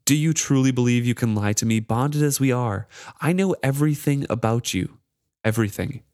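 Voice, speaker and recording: A man's voice: medium pitch, normal speed, a little mellow, no echo, studio quality, voice pushed up, lightly acted. A man voicing a cruel, mocking wooden charm that taunts a pirate captain, in a raised, sneering voice.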